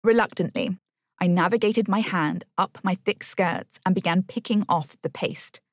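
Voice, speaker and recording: A woman's voice: lowish voice, normal speed, dry recording, studio quality. A woman narrating a first-person novel in a wry, bitter tone.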